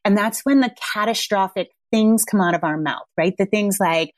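Frank, foul-mouthed woman parenting coach, mid-pitched, dry close podcast mic. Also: animated, moderate pace, a little mellow, no echo. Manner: frank and emphatic, swears freely; acts out parents' voices when quoting them. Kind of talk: casual podcast monologue.

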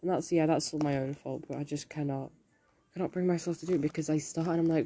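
A man's voice: on the high side, fairly even intonation, fast, warm tone. A teenage boy, rambling through a casual solo monologue, swearing often and joking at his own expense. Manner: rambling, sweary, self-deprecating, jumps between topics. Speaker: solo podcaster.

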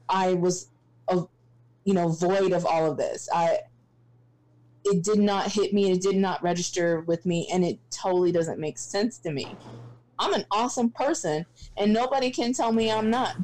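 A woman's voice: lowish voice, darkish tone, rough recording. A woman guest on a casual talk show, emphatic and self-assured with frequent restarts.

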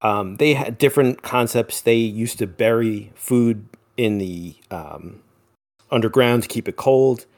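Here a man of medium pitch talks at a measured pace while co-hosting a podcast. His casual topic rundown is loose and filler-heavy, with lots of ums and easy laughter.

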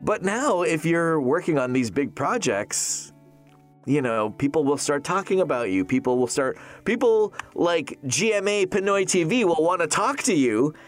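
Lively, jokey voice-actor man. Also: fairly high pitch, normal speed, soft background music. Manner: animated, jokey, laughs often, restarts with "uh" and "like". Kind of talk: casual interview answers.

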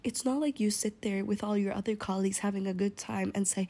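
A woman's voice: medium pitch, fairly even intonation, normal speed, mellow. A young woman telling a story in a casual, rambling way, often slipping into an unvoiced whisper, swearing and using lots of fillers.

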